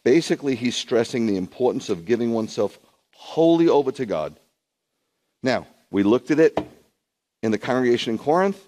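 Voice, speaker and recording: A man's voice: lively intonation, moderate pace. Emphatic man preaching a sermon. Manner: emphatic preaching, surges high and loud in bursts; conversational asides to viewers at home. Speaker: rabbi preaching.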